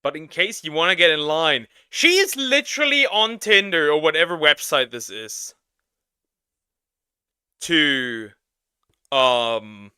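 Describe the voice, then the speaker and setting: A man's voice: a little high, lively intonation, takes it slowly, long pauses, bright, forceful tone, smooth, no echo, clean studio sound. A man chatting casually as co-host of a reaction stream, rambling with stumbling restarts. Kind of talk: casual chat.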